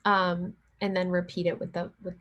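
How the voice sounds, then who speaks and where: A woman's voice: fairly low pitch, flat delivery, normal speed, a bit bright, dull audio. A woman giving a casual recorded lecture on teaching reading, with fillers and light laughs. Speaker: teacher educator.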